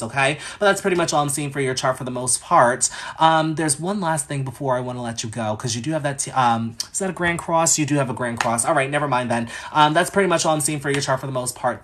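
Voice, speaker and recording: A man's voice: mid-range voice, fairly bright tone. A man giving astrology chart readings on a casual livestream, chatty and sassy with rambling asides.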